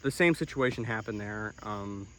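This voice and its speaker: A young man in a comedic monologue, self-important and deadpan, breaking into outraged, swearing outbursts. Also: fairly low pitch, normal speed, slight background noise. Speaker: comedic storyteller in character.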